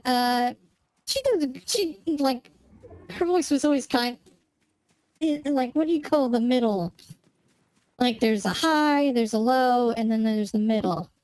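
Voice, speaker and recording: High-voiced woman gamer, rambling chat. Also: a little mellow, no room sound, poor audio. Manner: rambling, searching for words. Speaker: gaming streamer. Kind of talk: casual chat while playing a game.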